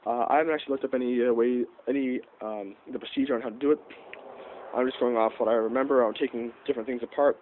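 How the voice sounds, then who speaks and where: A man's voice: medium pitch, steady tone, quick pace, a little hiss or hum. Young male vlogger, nasal from a cold, rambling and self-correcting, tinny lo-fi audio. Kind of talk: casual car-repair vlog.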